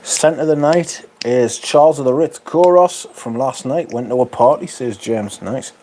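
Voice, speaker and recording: A man's voice: medium pitch, normal speed, warm tone, a little hiss or hum. A man with a Northern English accent hosting a livestream, chatting casually and reading out viewer comments with dry banter. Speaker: livestream host.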